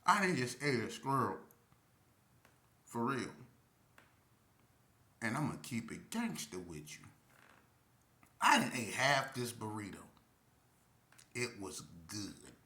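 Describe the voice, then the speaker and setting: An animated man tells a story in casual, slangy talk, jumping into other people's voices as he goes. His tone is bright and forceful, and there is a roomy echo around him. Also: mid-range voice. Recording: echoey room.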